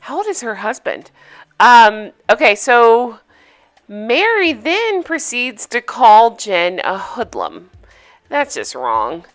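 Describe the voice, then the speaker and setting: A woman's voice: fairly high pitch, wildly swooping pitch, slow pace. A woman hosting a casual recap vlog, chatty and opinionated, sharing gossipy takes. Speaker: reality TV recap host.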